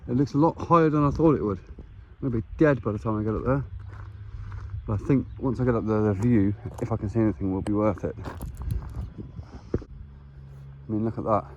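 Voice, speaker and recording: A man's voice: fairly low pitch, moderate pace, long pauses, darkish tone, dull audio. A young man, chatting casually to his phone camera as he hikes up a windy hillside. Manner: chatty, matey, talks to camera while walking. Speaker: travel vlogger. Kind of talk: casual hiking vlog. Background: wind and outdoor ambience.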